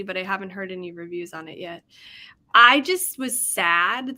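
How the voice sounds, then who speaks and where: A woman's voice: mid-range voice, pushed and bright. A young woman hosting a casual livestream, chatting in a rambling way, laughing often and reading out chat comments. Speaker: livestream host.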